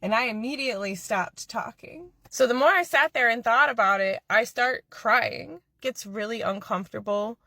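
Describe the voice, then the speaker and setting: A woman's voice: fairly high pitch, moderate pace, vocal fry, few pauses, sharp tone, dry recording. Earnest woman telling a personal story. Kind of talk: storytelling to camera.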